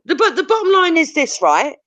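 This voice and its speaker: Brief: woman, blunt profane ranter, lively up-and-down delivery, slightly high pitch, dull lo-fi sound. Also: brisk, dry recording. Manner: blunt, sweary, confrontational. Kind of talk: heated profane rant. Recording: dull lo-fi audio.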